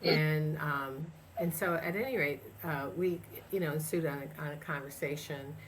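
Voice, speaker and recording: A woman's voice: low voice, normal speed, slight background noise. A woman in her sixties from the United States, a chiropractor telling travel stories in a casual interview, rambling with many fillers and restarts. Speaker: guest chiropractor.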